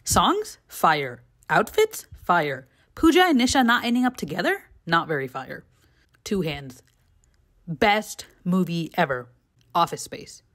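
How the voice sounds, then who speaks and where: Brief: young female vlogger, animated and candid, big pitch swings, casual movie chat. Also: a little slow. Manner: animated, profane, gushing. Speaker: film reviewer vlogger. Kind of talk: casual film review vlog.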